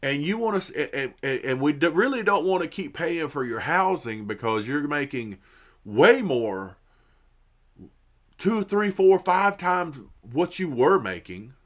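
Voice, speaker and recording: Irritated man ranting, lively pitch. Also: a little slow. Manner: irritated, profane, repeats words and restarts often. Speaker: sports commentary vlogger. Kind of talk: ranting opinion monologue.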